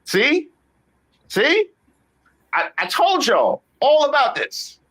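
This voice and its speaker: Animated woman reacting to clips. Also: high-pitched, slow, a little hiss or hum. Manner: emphatic, repeats phrases, talks to viewers. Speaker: commentary host. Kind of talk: reaction commentary on viral clips.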